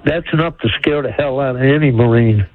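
A man's voice: mid-range voice, fairly quick. An older man calling in to a radio show, talking in a folksy, rambling way. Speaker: caller. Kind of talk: phone-in call. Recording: tinny phone line.

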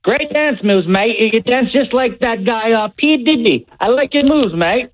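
A man's voice: sits high, racing, no echo. A male caller putting on a cheerful, chatty Australian bloke voice that keeps slipping, heard over a phone line. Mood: cheery. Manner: put-on Australian accent that slips. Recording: tinny dry phone line.

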